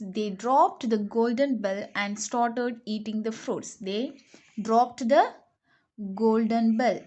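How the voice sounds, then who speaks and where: Slow, deliberate woman teaching grammar. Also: a little high, a little mellow. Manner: slow, deliberate dictation, spelling words letter by letter; repeats key words and checks with "okay?". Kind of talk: online grammar lesson for young pupils.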